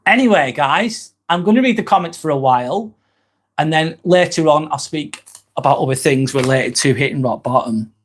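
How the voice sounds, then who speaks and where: Blunt, sweary man, fairly high voice. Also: expressive, normal speed, slight background noise. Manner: confessional, reads viewer comments aloud. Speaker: live-stream host. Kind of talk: candid live-stream chat.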